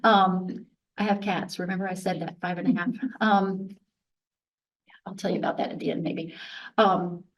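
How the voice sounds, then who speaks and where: A woman's voice: fairly low pitch, fairly even intonation, normal speed, pauses often, recorded from a distance, lo-fi sound. A woman of about sixty, a physician, gives a candid, chatty conference talk full of restarts and self-deprecating asides. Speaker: physician presenter.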